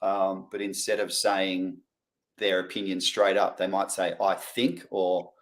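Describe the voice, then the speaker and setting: A man with a lowish voice hosts a podcast interview. He talks in a relaxed, casual way, and his questions come with small hesitant restarts. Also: measured pace. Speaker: podcast host.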